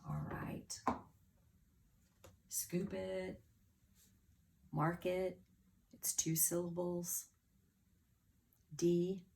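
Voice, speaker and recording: A woman teacher leading a children's phonics lesson, sounding out and spelling words slowly and clearly at a board. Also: fairly low pitch, flat delivery, darkish tone, a little hiss or hum. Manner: slow, clear word-by-word spelling with claps and sounding out.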